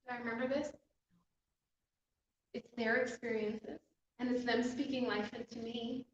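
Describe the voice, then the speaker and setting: A woman telling a personal faith story in an animated, emotional way, often breaking into laughter. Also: on the high side, measured pace, a little hiss or hum. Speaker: inspirational speaker. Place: echoey room. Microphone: distant mic. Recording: echoey room, distant mic, dull sound.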